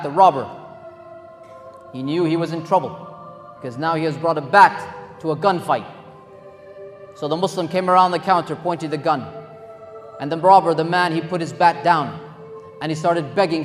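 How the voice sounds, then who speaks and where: High-voiced male preacher telling a story with emphasis, long hall reverb, faint music behind. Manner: earnest, emphatic. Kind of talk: storytelling sermon.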